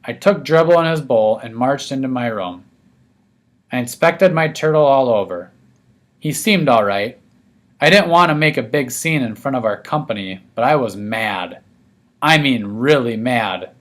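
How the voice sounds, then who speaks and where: A man's voice: mid-range voice, expressive, unhurried, a bit bright. A man giving a first-person scripted narration of a children's story, told as a young boy. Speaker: audiobook reader.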